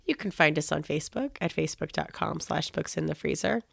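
A woman's voice: deep voice, brisk, gravelly, fairly bright tone, no echo, studio quality. A woman co-hosting a podcast, talking in an upbeat, chatty way with fillers and laughs. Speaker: podcast co-host. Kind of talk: casual podcast chat.

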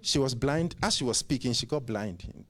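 A man's voice: mid-range voice, lively intonation, moderate pace, a bit bright. A man preaching a sermon who fires off rhetorical questions and often repeats words and restarts.

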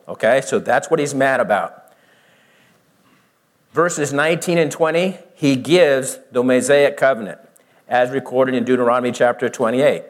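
A man giving a verse-by-verse Bible teaching, who explains slowly, asks his listeners questions and acts out both sides of the argument. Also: mid-range voice.

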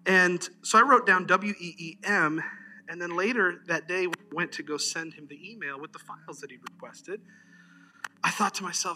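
Bright-voiced male pastor, chatty sermon. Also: fairly high pitch, a little fast. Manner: conversational, animated storyteller, frequent "amen". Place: church service.

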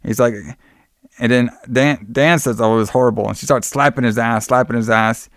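A man's voice: mid-range voice, steady tone, brisk, no room sound, clean studio sound. A man casually recapping a horror movie as podcast co-host, rambling, swearing and laughing often.

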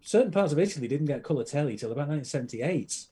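A man's voice: a little high, animated, racing, warm tone, breathy edge. A man chatting as a podcast guest, enthusiastic and rambling with plenty of fillers. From Britain. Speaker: podcast guest, film collector. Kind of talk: casual chat.

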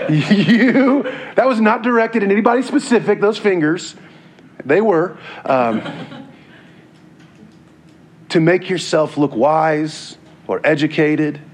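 Earnest, fairly high-voiced male preacher. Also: lively intonation, slow pace, long pauses. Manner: earnest, conversational preaching with repeated words. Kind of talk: sermon.

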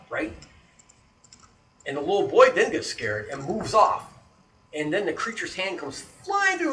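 A man's voice: on the high side, big pitch swings, normal speed, a bit bright. A man telling a creepy story in casual talk, acting out the scenes with sound effects and often checking in with "right?". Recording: roomy echo, distant mic, faint background noise.

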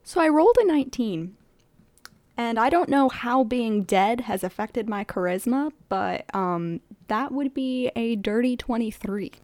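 A woman's voice: a little high, lively intonation, a little slow, darkish tone, dry recording. A woman playing in a tabletop role-playing game, describing her character's actions in a casual, playful way. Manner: playful, laughs often. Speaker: player.

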